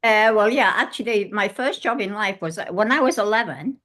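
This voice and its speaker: An older British woman in her eighties, chatting as an interview guest. Her voice sits in a middle pitch, and she tells stories with plenty of life, slipping into the voices of the people she remembers. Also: fairly quick. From England. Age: 80s. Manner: lively, acts out dialogue in her anecdotes. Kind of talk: casual interview storytelling.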